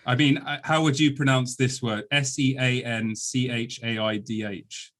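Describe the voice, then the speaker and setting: A man from the United Kingdom hosting a relaxed podcast conversation. He speaks at a mid pitch and in a measured way, slipping in dry, wry jokes. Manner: wry, dry humor, deliberate. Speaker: podcast host. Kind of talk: casual podcast chat.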